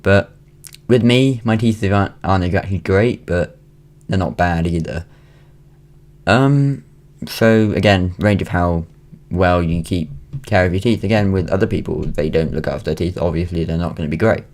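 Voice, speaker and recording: British teen lad ranting on his vlog, low voice, lots of um and restarts. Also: normal speed, darkish tone. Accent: British English. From Wales. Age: late teens. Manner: rambling, with frequent ums and restarts. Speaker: vlogger. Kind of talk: casual rant-style vlog monologue. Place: at home.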